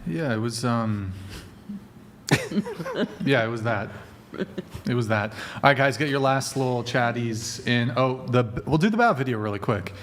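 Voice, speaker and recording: A man's voice: medium pitch, expressive, unhurried, long pauses, fairly bright tone, a little hiss or hum. A man hosting a live talk show, joking loosely and running the segment. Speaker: show host. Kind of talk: casual panel banter.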